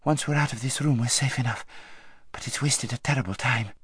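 A man's voice: mid-range voice, brisk, fairly bright tone, husky, dry recording. A man voicing a determined young noble girl on the run, urgent and commanding, while reading an audiobook. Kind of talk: audiobook narration. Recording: dry close studio sound.

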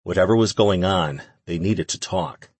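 A man narrating a fantasy audiobook in a steady, even reading. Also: deep voice, moderate pace, breathy edge, no room sound. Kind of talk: scripted narration.

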